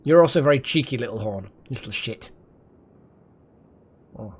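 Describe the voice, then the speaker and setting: Lively rambling man streamer. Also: mid-range voice, moderate pace, slightly rough. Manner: rambling, chatty, swears and laughs often. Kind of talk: casual live-stream chat while gaming.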